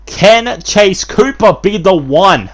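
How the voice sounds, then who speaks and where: Male wrestling commentator, a bit high-pitched; filler-heavy, rambling calls with bursts of excitement. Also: slow. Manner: rambling, constant fillers and restarts, bursts of hype. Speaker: host and play-by-play commentator.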